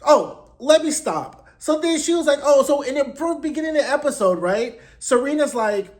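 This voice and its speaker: A man's voice: very high voice, lively intonation, normal speed. A man hosting his own channel, recapping an episode in a casual, sassy, blunt and slangy way into a close mic. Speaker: host.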